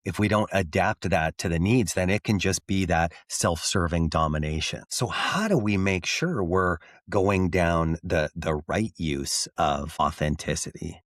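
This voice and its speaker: Deep-voiced, measured male podcast host. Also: no room sound, studio quality. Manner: measured and thoughtful, builds ideas with contrasts. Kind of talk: conversational podcast interview.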